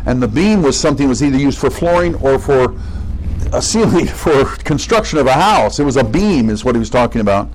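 An earnest male preacher speaks to his congregation in a conversational tone. His voice sits in a middling male pitch, and he reads scripture aloud before explaining it in plain terms. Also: animated, brisk, a little mellow, slight background noise, low-quality recording. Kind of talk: sermon.

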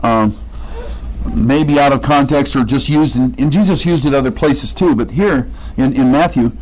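A man's voice: mid-range voice, normal speed, darkish tone, poor audio. A man preaching a sermon in an earnest, conversational way, reading scripture aloud and explaining it.

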